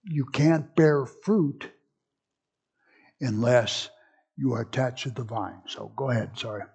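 Pastor, male, gravelly and husky, slow conversational sermon delivery with teaching asides. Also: medium pitch, darkish tone.

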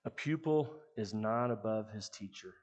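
A middle-aged man preaching a sermon, telling stories in an earnest way that often trails off softly. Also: on the low side, measured pace. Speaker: pastor.

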